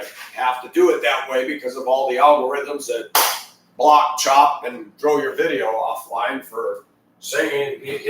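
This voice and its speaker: A man's voice: a little high, fairly bright tone, distant mic, slight background noise. Man in his fifties, echoey and off-mic. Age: 50s. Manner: emphatic and rambling, with repeated restarts. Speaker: video commentator. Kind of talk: ranting monologue.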